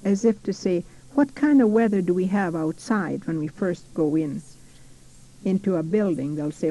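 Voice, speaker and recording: A woman's voice: lowish voice, dark tone, rough recording. A woman teaching a recorded language lesson, saying each word carefully and repeating it.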